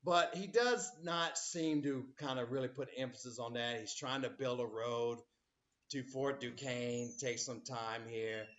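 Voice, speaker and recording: A man's voice: mid-range voice, measured pace, fairly bright tone, highs cut off. A man teaching a history class, rambling with many fillers and acting out quotes as he lectures.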